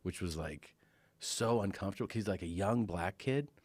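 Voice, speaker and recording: A man telling a long story in casual podcast chat, animated, acting out the voices of others. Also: sits low, normal speed, dry recording. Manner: animated storyteller, acts out quotes in raised voices. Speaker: podcast guest.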